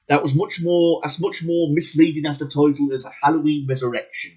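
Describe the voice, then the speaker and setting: A man's voice: fairly high pitch, level tone, brisk, few pauses, a little mellow, breathy edge, dull audio. A man ranting angrily about a movie as a reviewer, swearing constantly and repeating words for emphasis. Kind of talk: angry profane movie rant.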